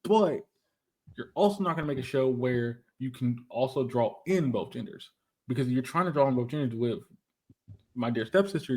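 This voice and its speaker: A man's voice: mid-range voice, darkish tone. A man co-hosting a casual anime podcast, talking emphatically and repeating himself as he argues his points. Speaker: podcast co-host.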